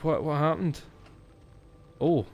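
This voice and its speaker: A man's voice: fairly high pitch, animated, takes it slowly, vocal fry, highs cut off. A Scottish man chatting casually as he streams a horror game, jumpy and swearing when something startles him. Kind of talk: let's-play commentary.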